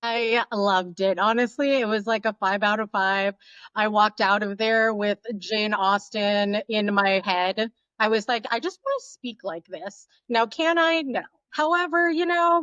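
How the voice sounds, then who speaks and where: A woman's voice: fairly high pitch, fairly bright tone, no echo, highs cut off. A woman guest on a podcast, talking enthusiastically and at length about a film. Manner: enthusiastic, talkative, laughs easily. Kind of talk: casual chat about a film.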